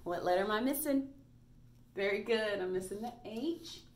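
A woman's voice: mid-range voice, lively intonation, normal speed. A woman teaching a recorded reading lesson to first graders, patient and praising as she spells out letters.

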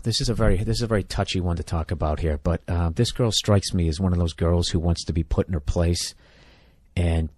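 A man's voice: low-pitched, warm tone, breathy edge, no echo. A man from the United States, a podcast host giving comedic advice in a blunt, profane, rambling rant.

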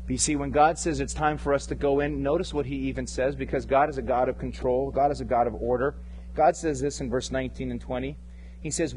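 A male pastor preaching a sermon with passion, swinging between loud emphatic lines and hushed, intimate ones. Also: mid-range voice, steady tone, brisk, slight background noise, low-quality recording. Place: church service.

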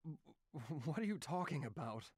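A flustered young officer woman, husky. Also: sits low, expressive, a little slow, a little mellow, no room sound, clean studio sound, full character voice. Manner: startled, stammering.

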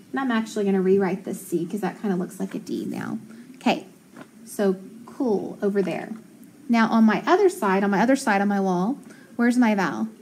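A woman's voice: medium pitch, a little mellow, slight background noise, low-quality recording. A woman teaching an online phonics lesson, patient and encouraging, often checking in with the class.

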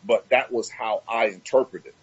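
A man's voice: fairly low pitch, normal speed, breathy edge, highs cut off. A man from Miami hosting an interview, talking reflectively and searching for his words. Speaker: host. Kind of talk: casual interview talk.

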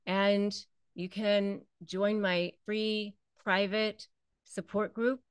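A woman's voice: mid-range voice, level tone, drawn-out words, clean tone, dry recording. A woman hosting an advice talk, speaking conversationally and acting out the lines she quotes. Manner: conversational, repeats herself, acts out quoted lines. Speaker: host. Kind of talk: direct-to-camera advice talk.

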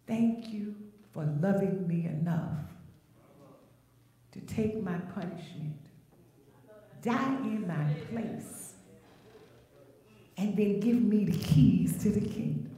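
A woman's voice: mid-range voice, takes it slowly, long pauses, warm tone, far from the mic. A woman pastor preaching a sermon, emphatic and rhythmic, drawing out her phrases. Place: large church sanctuary. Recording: very echoey sanctuary, voice from afar.

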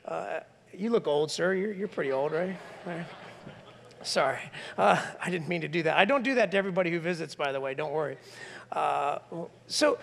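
A man preaching a sermon as lead pastor in a church, talking in an animated, conversational way and acting out the voices of people he quotes. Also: fairly high pitch, normal speed, vocal fry, pauses often. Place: church sanctuary. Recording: long hall reverb.

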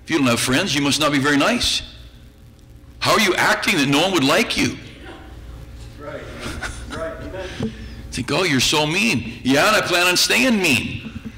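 A man's voice: fairly high pitch, animated, unhurried, long pauses, pushed and bright, rough recording. A male pastor preaching a sermon in a church, folksy and teasing, acting out the voices of the people he quotes. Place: church sanctuary.

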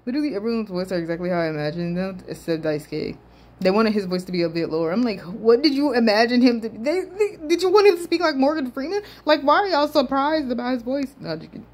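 Talking fast in a slightly high voice, a woman from the southern United States gives casual reaction commentary. She's animated, laughing and swearing freely, and stutters as she rambles.

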